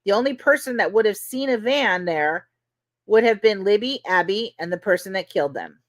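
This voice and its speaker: A woman retelling court testimony in a loose, chatty way, often using "like" and "you know" as she goes. Her voice sits at a medium pitch and sounds dry and close, with no room echo. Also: lively intonation, moderate pace. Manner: conversational, many fillers like "you know". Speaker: podcast host. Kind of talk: casual recap of trial testimony.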